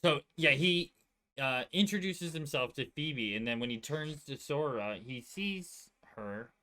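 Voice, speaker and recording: A man's voice: on the high side, animated, measured pace, sharp tone. A man running a tabletop game as game master, describing scenes hesitantly, with frequent fillers and laughter.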